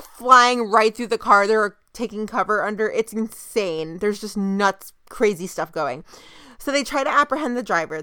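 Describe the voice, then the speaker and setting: A young woman casually recapping a TV episode as a podcast co-host, telling the plot in an animated, chatty way. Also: medium pitch, smooth, no echo, studio quality. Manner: chatty, animated retelling with quoted voices. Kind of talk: casual chat.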